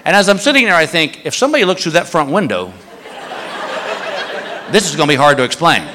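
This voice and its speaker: A man's voice: fast, a little hiss or hum. A man doing stand-up comedy, telling a story and acting out the other people's voices. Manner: animated, acts out voices in high pitch. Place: comedy club stage. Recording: live club recording with crowd and reverb. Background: audience laughter.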